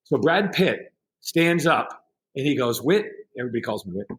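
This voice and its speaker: A man's voice: mid-range voice, normal speed. Brief: middle-aged male guest spinning an anecdote, conversational, mid-range voice. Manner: animated anecdote-telling with quoted voices. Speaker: podcast guest. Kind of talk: casual storytelling.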